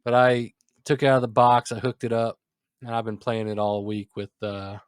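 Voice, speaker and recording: A man's voice: medium pitch, level tone, normal speed, clean tone, no room sound, clean studio sound. A man in his thirties co-hosting a podcast, telling a casual, exasperated story about a delivery gone wrong. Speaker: podcast co-host.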